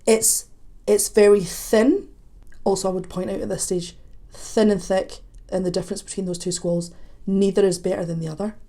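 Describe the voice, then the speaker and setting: A woman commenting on a song as a vocal coach, chatty and analytical, with quick asides. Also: medium pitch, mellow. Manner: analytical, breaks off to sing snippets. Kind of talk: reaction video commentary.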